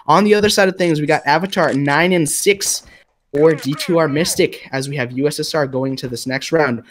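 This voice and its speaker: A man casting a mobile shooter match live, with excitable play-by-play full of fillers. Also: fairly high pitch, normal speed, a little hiss or hum. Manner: excitable caster with frequent fillers. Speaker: esports commentator.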